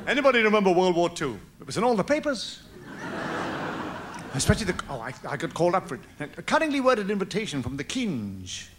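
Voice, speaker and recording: A man doing live stand-up comedy, rambling with absurd quick asides. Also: sits high, huge pitch swings. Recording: noisy live stage recording.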